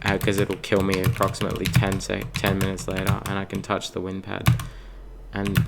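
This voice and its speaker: A young man commentating his own gameplay in a self-mocking, excitable way, at a home computer. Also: deep voice, creaky, heavy background noise. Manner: self-mocking, excitable, with sudden yelps and gasps. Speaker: let's play host. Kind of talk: gaming commentary. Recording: loud game music behind the voice. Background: loud game music.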